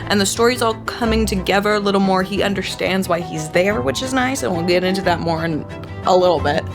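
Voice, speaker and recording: A woman's voice: medium pitch, fairly quick, vocal fry, over music. A woman, talking casually at home in the evening as she works through a mystery novel, chatty and self-mocking. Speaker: book vlogger. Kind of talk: casual chat reading a mystery aloud.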